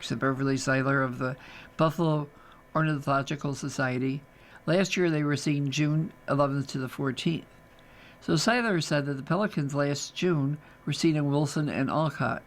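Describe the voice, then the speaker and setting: Guy reading the local paper on air, kinda high voice, gravelly, tosses in chatty asides. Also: moderate pace. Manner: chatty, adds casual asides while reading. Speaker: volunteer reader. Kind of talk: reading newspaper articles aloud for a radio reading service.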